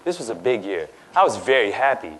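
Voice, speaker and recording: A man's voice: fairly low pitch, sing-song, a little fast, low-quality recording. A young man from India who grew up in Dubai, giving a personal talk on stage in a conversational way, with frequent fillers and "right?" asides. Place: lecture stage.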